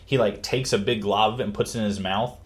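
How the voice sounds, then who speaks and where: Talking fast in a lowish voice, a male host eagerly walks through a book's plot in a casual setting. He tells it in an animated way, yelping and laughing as he plays the characters.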